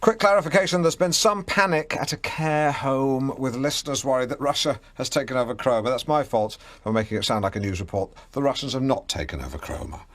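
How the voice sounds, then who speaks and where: A man's voice: mid-range voice, a little fast, hardly any pauses, fairly bright tone. Pompous stammering male radio host. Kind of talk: comedic radio show chat. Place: radio studio.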